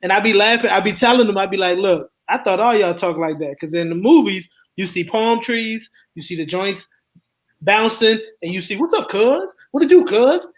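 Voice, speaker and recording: A man's voice: high-pitched, normal speed, fairly bright tone, poor audio. A laid-back man from the US East Coast, chatting casually as a roundtable guest in a slangy, rambling way. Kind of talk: casual chat.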